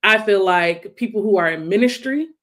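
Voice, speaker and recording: A woman's voice: mid-range voice, expressive, moderate pace, a bit bright. Reflective woman co-hosting a talk show. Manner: thoughtful, self-questioning. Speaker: co-host.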